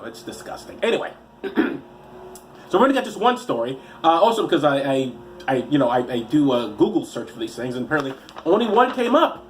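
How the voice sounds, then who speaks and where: A man with an American accent and a cold reads news stories for comedy, rambling and sarcastic, tripping over his words. His pitch swings all over the place as he talks. A faint hum of room ambience sits behind him. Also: big pitch swings. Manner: rambling, sarcastic, quick-talking with many restarts. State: has a cold. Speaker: comedic show host. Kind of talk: comedic news-story reading.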